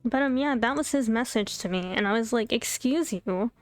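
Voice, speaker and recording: Chatty young woman streamer with a high, lively voice over quiet background music. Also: fast, clean tone, dry recording. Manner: animated, chatty, laughs often, exasperated outbursts. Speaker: VTuber streamer. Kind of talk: casual storytime chat while playing a game.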